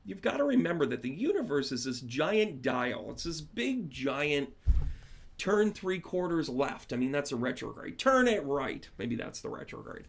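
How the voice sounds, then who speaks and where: A man with a somewhat high voice, rambling casually to his livestream viewers. He talks in loose, friendly asides as a spiritual medium and teacher, addressing members by name. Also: very animated, normal speed, vocal fry. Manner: rambling, chatty, warm to viewers.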